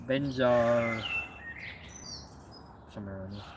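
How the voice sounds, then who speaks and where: A man's voice: medium pitch, slow pace, background noise. A Scottish man chatting and joking with a friend while out train spotting, swearing freely. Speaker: vlogger. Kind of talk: casual banter on a train platform. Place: outdoors at a railway station.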